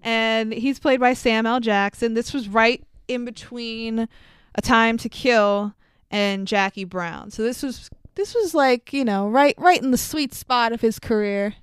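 A woman's voice: on the high side, unhurried, clear, resonant tone, dry recording. A young woman co-hosting a podcast, recapping a movie in casual chat, laughing often and swearing freely. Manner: laughs often, animated and profane. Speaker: podcast co-host.

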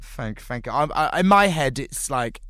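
A man who performs cabaret and drag, talking in a casual podcast chat, animated and full of quoted voices. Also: mid-range voice, moderate pace, crowd noise.

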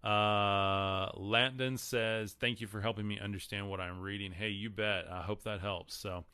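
A man's voice: fairly low pitch, fairly even intonation, measured pace, sharp tone, smooth, no echo. A man with a Texan accent hosting a live stream, chatting casually about the Bible and answering viewer comments. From Texas. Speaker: podcast host.

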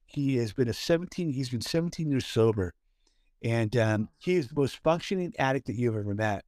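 A man's voice: medium pitch, lively intonation, a little fast, a little mellow, dry recording, studio quality. A man from Southern California co-hosting a casual podcast, telling a story with many fillers and restarts. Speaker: podcast co-host. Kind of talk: casual chat.

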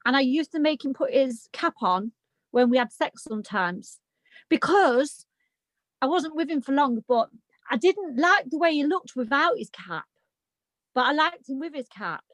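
A woman with a high voice that swings widely as she talks, chatting in a slow, easy way. She is giggly and drops British slang into casual talk. The sound is dry and close. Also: animated, dry recording. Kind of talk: casual chat.

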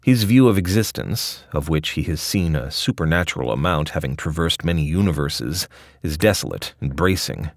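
A man's voice: extremely low pitch, animated, moderate pace, dry recording, studio quality. A man narrating a scripted audio essay with a wry, ornate delivery.

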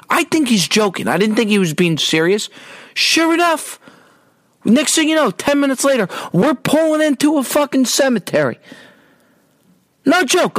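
A man's voice: very high voice, a bit bright, no echo. Exasperated man telling a story. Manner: exasperated, repeats words when worked up. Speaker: podcast host. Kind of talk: casual comic storytelling.

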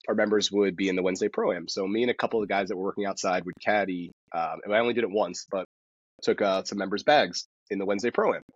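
Male golf pro, podcast guest: rapid, husky, lowish voice, dry dull lo-fi sound. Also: no room sound. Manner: rapid, animated storytelling with many restarts. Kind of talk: casual podcast interview.

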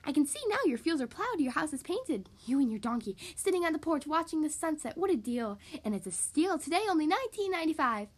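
A woman voicing a sly, fast-talking male fox who sells like a pushy salesman, in a children's storybook reading. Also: sits high, sing-song.

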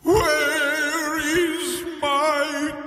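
A high, wailing ghost voice. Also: male voice, flat delivery, reverberant, long reverb tail, over music, exaggerated voice. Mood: moaning. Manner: slow, drawn-out, high wailing groan. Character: moaning ghost of a dead man hunting his toe. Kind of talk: audiobook reading of a spooky tale.

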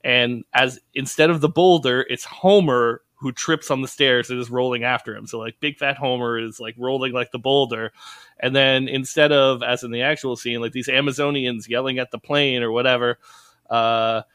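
A man guesting on a podcast, telling stories in an animated, rambling way. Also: medium pitch, moderate pace, smooth, no echo, studio quality. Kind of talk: casual podcast chat.

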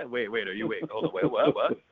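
A man's voice: a little high, vocal fry. A man telling a story in casual chat, swearing freely and acting out the voices in it. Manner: animated, swearing, acts out voices in his stories. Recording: tinny phone-like line.

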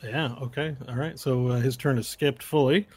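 A man's voice: mid-range voice, steady tone, moderate pace, a little mellow. A man narrating a tabletop game as game master, laid-back and often laughing.

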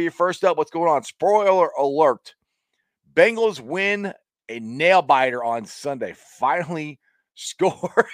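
A man's voice: mid-range voice, no echo. A man hosting a casual live-stream sports talk show, reading viewer comments in an upbeat, rambling way, often repeating words and chuckling.

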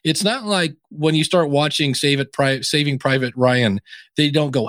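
A man's voice: moderate pace, dry recording, studio quality. A man from Ohio, chatting as a guest in a casual interview and acting out quoted voices as he talks. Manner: animated, acts out quoted voices with big pitch jumps. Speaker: podcast consultant guest.

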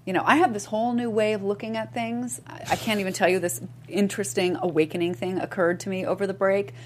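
A woman co-hosting a podcast, chatting about politics in an animated, exclamatory way with stammering starts. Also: medium pitch, fast talker, slight background noise. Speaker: podcast co-host. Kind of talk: casual political chat.

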